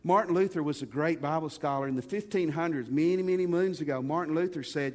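A man with a high voice delivers a conversational sermon, speaking straight to the congregation and calling them folks. His voice carries a long reverb, as if recorded across a large church hall. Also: fast talker, hardly any pauses, darkish tone. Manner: conversational preaching, addressing listeners as folks. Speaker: pastor.

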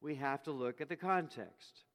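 Man, preacher, sermon, animated storytelling, long hall reverb. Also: mid-range voice, moderate pace. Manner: animated storytelling, acting out quoted voices.

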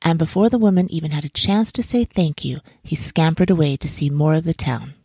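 A woman narrating a children's folk tale in a measured, expressive reading. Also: low-pitched, slightly rough, no room sound, clean studio sound. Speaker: storyteller. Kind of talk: storybook narration.

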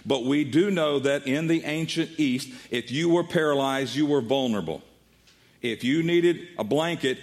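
A middle-aged man preaching a sermon as a pastor, telling a Bible story with animated delivery and acting out the voices of the people in it. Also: medium pitch.

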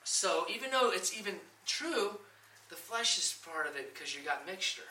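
Woman preacher, bright voice, kinda far from the mic in a roomy church. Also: fairly low pitch, big pitch swings, moderate pace. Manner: emphatic, asks the room questions and acts out quoted voices. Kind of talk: sermon. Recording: echoey room, voice from off the mic.

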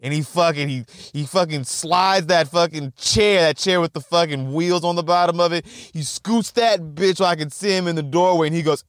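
High-voiced young man, profane rambling. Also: normal speed, no room sound, studio quality. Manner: profane, laughing, animated storytelling. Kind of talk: casual rambling monologue.

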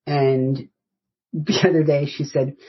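A woman's voice: deep voice, fairly even intonation, slow pace, breathy edge, highs cut off. A woman in her fifties from the United States, a podcast guest telling rambling, anecdotal stories in casual interview chat. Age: 50s.

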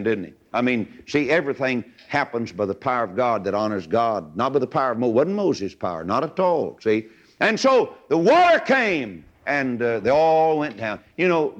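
Folksy preacher, dull lo-fi sound. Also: male voice, medium pitch. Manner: folksy storytelling, acting out voices. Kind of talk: sermon. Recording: dull lo-fi recording.

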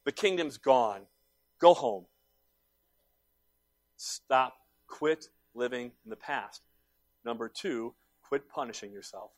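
A middle-aged male pastor preaching a sermon, emphatic and repetitive, swinging between loud exhortation and hushed asides. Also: mid-range voice, slow pace, pauses often.

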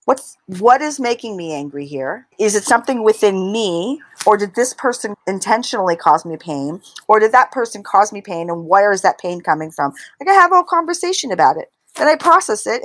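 A middle-aged woman answers interview questions, talking animatedly and slipping into little voices for the thoughts she describes. Her pitch sits in a middle range. The recording is dry, with no room echo. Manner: animated, acts out inner voices. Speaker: interview guest, author. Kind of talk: conversational interview.

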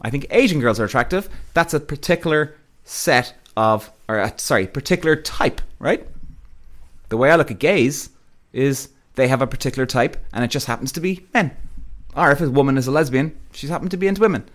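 A man's voice: mid-range voice, fairly quick. A man hosting a podcast, telling a story in a blunt, profane, casual monologue. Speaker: podcast host.

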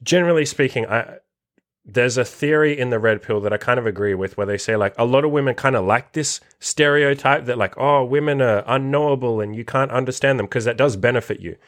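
A man's voice: mid-range voice, fairly quick. A man hosting a casual podcast monologue, blunt and profane, swearing constantly as he reacts to a list. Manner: animated, reacting to a written list. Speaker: podcast host and dating coach.

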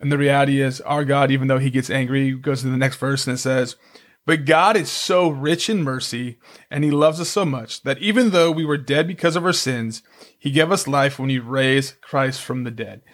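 Earnest rambling Christian podcast husband. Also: male voice, mid-range voice, moderate pace. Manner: earnest and rambling, with self-deprecating jokes. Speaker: podcast co-host. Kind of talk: casual Christian parenting podcast chat.

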